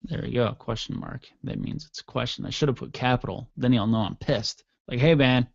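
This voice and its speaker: A man's voice: medium pitch, fairly quick, gravelly, breathy edge, no room sound, dull audio. A man hosting an internet radio show, rambling and cursing sarcastically in a casual solo rant.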